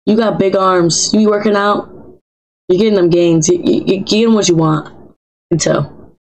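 A woman's voice: medium pitch, fairly even intonation, normal speed, darkish tone, low-quality recording. A woman streaming a life simulation game, chatting in a playful, teasing way and talking back to the characters in slang. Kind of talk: playful live gameplay commentary.

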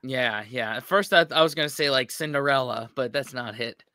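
A man with an American accent, hosting a reaction video in casual, halting commentary. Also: medium pitch, pushed and bright. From United States. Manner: chatty, halting with restarts. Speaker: reaction channel host.

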